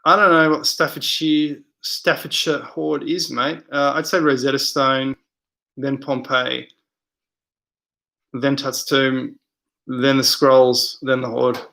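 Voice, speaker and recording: A man's voice: medium pitch, level tone, slow, gravelly, pushed and bright. A man hosting a casual live stream, reading viewer comments aloud and rambling with many hesitations.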